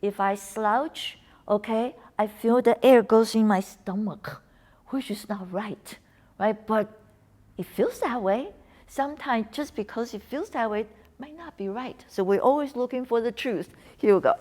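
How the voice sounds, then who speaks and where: A woman's voice: on the high side, a little slow. Woman coaching a breathing lesson. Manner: coaching, encouraging, slips into soft whispers on cues. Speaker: wellness instructor.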